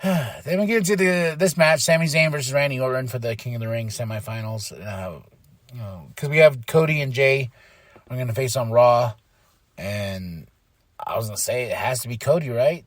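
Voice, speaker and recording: A man's voice: moderate pace, no echo. A man hosting a podcast, recapping a wrestling show in casual chat, exasperated and playing out people's reactions. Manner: animated, exasperated, mimics people with his voice jumping up high. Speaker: podcast host.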